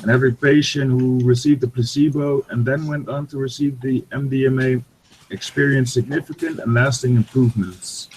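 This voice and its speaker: A man's voice: medium pitch, flat delivery, normal speed, a little mellow, a little hiss or hum, rough recording. A man hosting a casual online hangout, reading an article aloud steadily with small asides. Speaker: hangout host.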